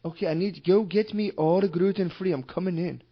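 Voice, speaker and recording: A man's voice: a little high, quick pace, lightly acted. A man faking a pushy accented customer on the phone. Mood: demanding. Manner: demanding, impatient, broken English. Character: pushy male customer with a thick fake accent. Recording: dull lo-fi phone recording.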